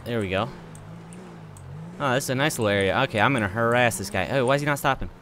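Man, middle pitch, game roleplay cop: bossy, barking, mocking. Faint noise underneath. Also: fast talker, a bit bright. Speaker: roleplay player as a police officer. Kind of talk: in-character game roleplay with commentary.

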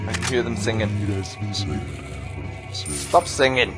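Excitable man yelling through a game. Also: on the low side, takes it slowly, loud music behind the voice. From United Kingdom. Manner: excitable, yelling at enemies, laughing. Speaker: let's play gamer. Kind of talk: casual game commentary.

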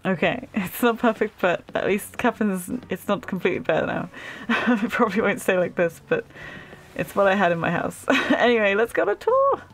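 A woman's voice: medium pitch, normal speed. Giggly woman reacting to a game. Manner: giggly, excitable, laughs often. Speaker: gaming channel host. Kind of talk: casual gameplay commentary.

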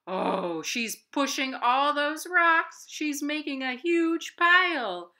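A woman leads a children's storytime from home, her bright voice swooping up and down with gasps and playful sound effects. She reads unhurried and clear, as if to little listeners. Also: sits high, animated. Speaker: library storytime host. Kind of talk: reading a picture book aloud to children.

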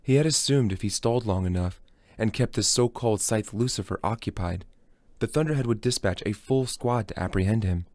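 A man with a low voice reads a novel aloud in steady, dramatic storybook narration. The recording is dry and close, with no room sound. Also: dry recording. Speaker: audiobook reader.

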